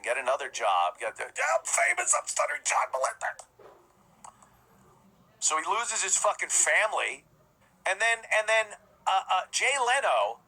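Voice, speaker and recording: A man's voice: high-pitched, sharp tone, low-quality recording. A man ranting scornfully in profane, mocking commentary as a podcast host.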